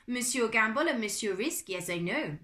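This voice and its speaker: A woman's voice: fairly high pitch, lively intonation, normal speed, bright, forceful tone, voice pushed up. A woman voicing a stiff, mournful male butler with a put-on French accent, giving stern commands.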